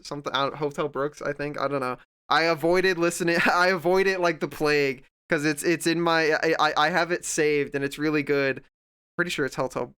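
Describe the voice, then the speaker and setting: A man's voice: mid-range voice, a bit bright, clear, resonant tone, dry recording. A man streamer chatting casually while he draws, rambling and heartfelt, full of fillers and restarts, close to the mic at home. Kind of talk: casual livestream chat while drawing.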